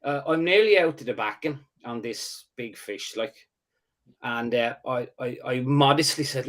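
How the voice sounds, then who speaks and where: A man telling a fishing story in a casual, rambling chat, halting and restarting, then getting animated as the story builds. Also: medium pitch. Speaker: angler host.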